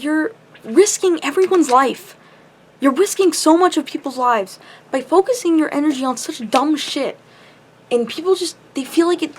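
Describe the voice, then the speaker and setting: A young woman with a high voice vents to her camera in a long, impassioned rant. She sounds tired and up too late, and her frustration spills out in constant swearing. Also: husky. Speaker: vlogger. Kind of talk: ranting to camera.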